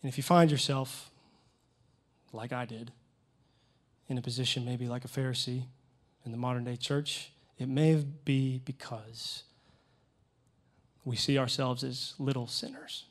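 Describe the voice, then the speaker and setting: A man preaching as a youth pastor, telling stories earnestly and emotionally, with sudden loud rises. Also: mid-range voice, fairly even intonation, unhurried, pauses often. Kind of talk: preaching a sermon.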